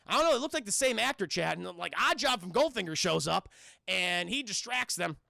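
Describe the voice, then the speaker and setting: Streamer, male, loose profane movie recap, gravelly edge, dry close mic. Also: high voice, animated, fairly quick, sharp tone, dry recording. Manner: rambling, profane, keeps addressing chat. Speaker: film reviewer streaming to chat. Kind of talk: casual scene-by-scene recap.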